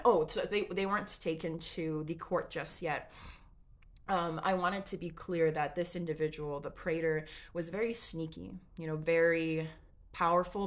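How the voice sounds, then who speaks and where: A woman casually retelling a story in a chatty, digressive, frank way, with asides and swearing. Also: low-pitched.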